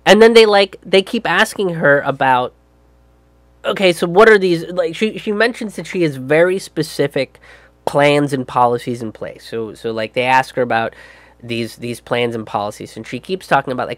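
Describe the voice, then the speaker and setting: A man's voice: on the high side, expressive, moderate pace, no room sound. A young man doing political comedy commentary in a ranting, profane way with lots of fillers.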